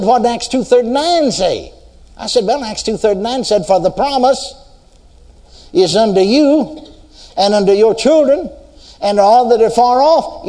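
A man's voice: fairly high pitch, mellow, in a large hall. A man preaching a sermon, telling his story and quoting scripture in a swinging preaching cadence.

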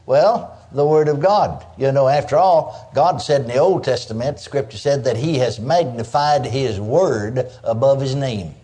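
An older man preaching a sermon in a folksy, animated way, dropping in frequent exclamations of praise. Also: medium pitch, unhurried, few pauses.

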